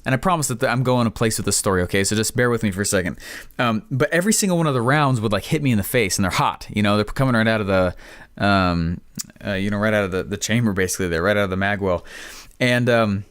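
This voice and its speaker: Excitable male host, mid-pitched, rambling casual monologue, dry close sound. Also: no room sound. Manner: rambling, filler-heavy, excitable. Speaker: podcast host.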